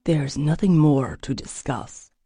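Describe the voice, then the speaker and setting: A woman voicing a guarded, intense man who speaks in low, clipped, urgent tones and often drops to a hush, in an audiobook. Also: animated, a little slow, husky, no room sound, full character voice. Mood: cold. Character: guarded intense man, cold then desperate.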